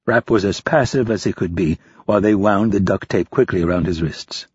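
A man reading a thriller audiobook in steady, expressive scripted narration. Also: low voice, fairly quick, hardly any pauses, slightly rough, no echo. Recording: dry, slightly dull lo-fi.

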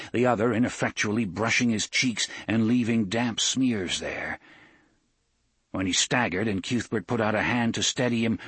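Husky man narrating a story. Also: fairly low pitch, fairly bright tone, no room sound. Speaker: audiobook narrator. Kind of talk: scripted narration.

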